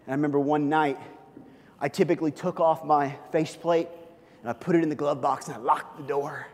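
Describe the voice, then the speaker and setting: A middle-aged pastor preaches a sermon in a church hall, his voice slightly high and his pace a bit quick. He's animated, telling stories and joking with the congregation. Long hall reverb and faint room noise fill the recording.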